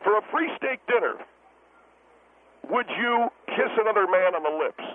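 A man's voice: high-pitched, expressive, moderate pace, a little hiss or hum. A man voicing a brash, defensive male steakhouse owner calling in, stammering and blustering through a tinny phone line. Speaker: caller. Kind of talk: talk radio comedy bit.

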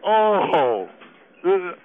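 A man's voice: high-pitched, animated, fast talker, voice pushed up. A man voicing a smug, pompous male businessman who talks with his mouth full and lectures callers. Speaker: guest. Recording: tinny phone line.

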